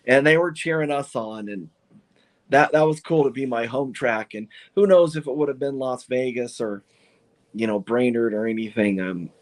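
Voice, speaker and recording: A man who owns and drives a funny car, telling stories in an excited, rambling way with lots of restarts on a podcast. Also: mid-range voice, moderate pace. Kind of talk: podcast interview, casual storytelling.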